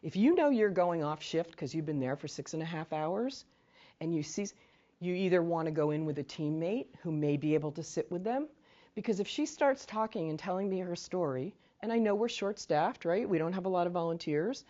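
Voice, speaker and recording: Woman trainer, lower voice, dull lo-fi sound, conversational workshop talk, acts out sample lines. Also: animated, a little fast, warm tone. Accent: New England. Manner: conversational, often asks "right?"; acts out short sample phrases to victims. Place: training room.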